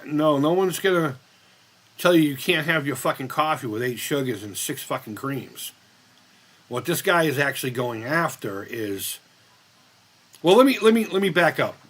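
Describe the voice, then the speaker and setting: A man's voice: on the high side, lively intonation, moderate pace, a bit bright. A man in his fifties hosting a casual live-stream chat, rambling, blunt and profane as he reads the chat. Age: 50s.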